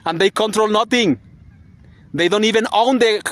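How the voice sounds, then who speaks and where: A man's voice: high voice, moderate pace, a bit bright. A man giving a rambling, agitated vlog monologue, swearing and laughing bitterly as he rants. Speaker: vlogger.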